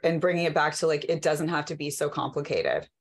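A woman co-hosting a podcast, animated and open, acting out her own thoughts and swearing casually. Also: low voice, fairly quick, husky. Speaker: podcast host.

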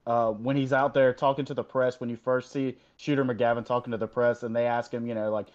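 Relaxed man on a dull-sounding podcast mic. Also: mid-range voice, brisk, few pauses. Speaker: podcast co-host. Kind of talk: casual podcast chat.

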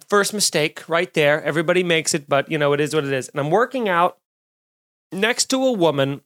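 A man in his thirties hosting a podcast alone, doing a sarcastic comedic monologue with loud bursts and muttered asides. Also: on the high side. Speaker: podcast host. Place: home studio, recording alone.

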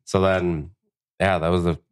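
A man's voice: deep voice, measured pace, clean tone. A young man telling a long, profanity-filled story on a podcast, acting out the lines of the people in it. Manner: profane, animated storyteller who acts out quotes. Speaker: guest tattoo artist.

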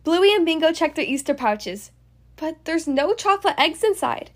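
A woman hosting a podcast, reading a children's storybook aloud in a friendly, expressive way. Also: high voice, normal speed. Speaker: podcast host and storybook reader.

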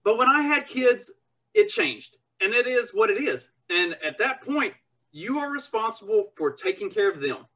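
A man with a higher-than-usual pitch and a husky, slightly breathy voice talks in a loose podcast chat. He has a bright, forceful edge. He speaks bluntly, swearing freely and pressing hard when he gets going. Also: animated, normal speed, rough recording. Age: parent of young children. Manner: blunt, heated and profane, rising to angry outbursts. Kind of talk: casual conversational podcast.

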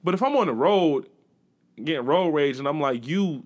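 Animated young man telling stories. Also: fairly high pitch, moderate pace. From Buffalo, New York. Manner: animated storyteller, acts out quotes, swears freely. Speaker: podcast co-host. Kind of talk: casual chat.

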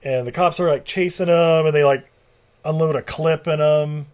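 A man's voice: a little high, steady tone, moderate pace, darkish tone. A man co-hosting a podcast in casual chat, rambling and swearing with many fillers.

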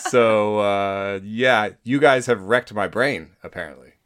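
A man's voice: on the low side, measured pace, a bit bright, clear, resonant tone. A man co-hosting a podcast in casual chat, who rambles, laughs often and pokes fun at himself. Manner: laughing, rambling, self-mocking. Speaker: podcast co-host.

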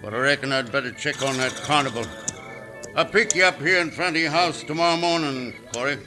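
A man's voice: on the high side, brisk, music in the background, natural voice. A man as a folksy western sheriff. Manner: folksy drawl. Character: gruff small-town western sheriff. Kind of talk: 1940s radio acting.

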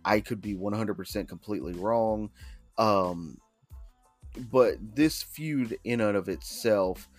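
A man with a fairly low voice co-hosting a relaxed chat. He speaks very slowly and hesitates, often restarting his thoughts. Faint music plays underneath. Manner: slow, hesitant, many restarts. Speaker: podcast co-host. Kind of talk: casual podcast chat.

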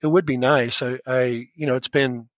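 A man's voice: medium pitch, fairly even intonation, moderate pace, no room sound, highs cut off. A man in his fifties, a schoolteacher telling his own story earnestly in a podcast interview, often restarting his sentences. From United States. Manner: earnest, rambling with frequent restarts. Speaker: guest, schoolteacher.

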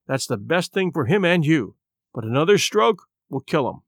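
A man's voice: a little high, big pitch swings, moderate pace, no echo, clean studio sound. A man reading an audiobook, voicing a blunt doctor who lectures firmly. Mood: quiet. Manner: firm, scolding.

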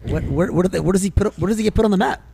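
A man's voice: high-pitched, racing, vocal fry, dark tone, slightly rough, dry recording. A man co-hosting a podcast, teasing and sarcastic in casual crude banter. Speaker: podcast co-host.

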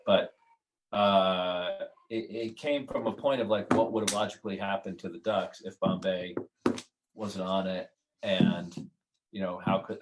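A man's voice: lowish voice, slight background noise, poor audio. A man who is a writer and creator, talking as a podcast guest in a casual, rambling way with many restarts. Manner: rambling, restarts, laughs at his own jokes.

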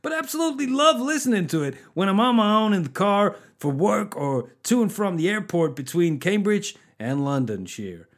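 A man's voice: high voice, big pitch swings, normal speed, hardly any pauses, pitched above the performer's own voice. A man putting on a gushing American fan. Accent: put-on American. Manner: exaggerated, mocking read-out. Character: stereotyped American male podcast fan.

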